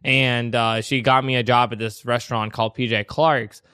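Un homme, invité comédien, qui raconte une histoire personnelle avec animation en imitant les gens. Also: male voice, mid-range voice, moderate pace, clear, resonant tone, no room sound, studio quality. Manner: animated storytelling, acts out quotes. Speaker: comedian guest. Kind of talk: casual storytelling on a podcast.

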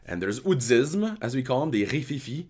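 A tired, hoarse male host with a slight French-Canadian accent, chatting casually and rambling as he answers a live chat. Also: medium pitch, sing-song, normal speed, a little mellow. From Quebec, Canada. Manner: rambling, self-deprecating, switches between English and French.

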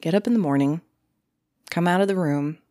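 A woman with a low, dusky voice tells a spooky tale in a loose, chatty way. She leans into the drama, mimicking creaks and voices with big swings. The sound is close and dry, with no room around her. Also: fairly quick, no echo. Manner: animated, acts out creaks and quoted voices. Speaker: storyteller. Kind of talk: casual spoken ghost story.

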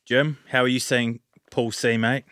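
A man hosting a casual sports podcast, briskly steering the talk with questions. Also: mid-range voice, little pitch movement, a bit bright, no room sound, clean studio sound. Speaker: podcast host, moderator.

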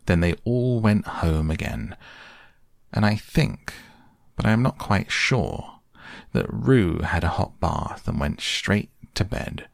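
Deep, gravelly bedtime narrator, a man. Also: expressive, no echo, studio quality. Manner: soft, slow and soothing. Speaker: audiobook narrator. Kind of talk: soft bedtime storybook reading.

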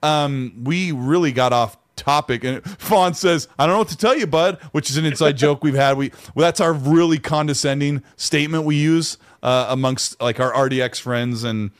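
A man co-hosting a casual gaming podcast, reading out chat messages in an animated, easygoing way. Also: medium pitch, moderate pace, hardly any pauses, no room sound, studio quality. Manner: animated, reads out chat messages, laughs easily. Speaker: podcast co-host.

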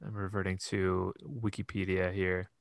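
A man's voice: sits low, level tone, normal speed, gravelly, dry recording. A young man co-hosting a podcast, chatting casually about a film with plenty of fillers and restarts. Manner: hesitant, many fillers and restarts. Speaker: podcast co-host.

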